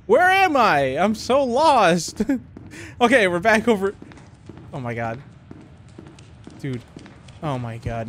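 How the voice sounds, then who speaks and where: A young man commentating a horror game as he plays, panicky and repeating words rapidly when scared. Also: on the high side, a bit bright, slight background noise. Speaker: gaming YouTuber.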